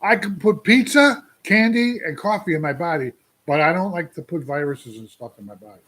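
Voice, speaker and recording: A man's voice: fairly high pitch, lively intonation, moderate pace, a bit bright. A man in his sixties venting on a casual livestream, rambling and putting questions to his viewers. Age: 60s. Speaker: trucker livestream host.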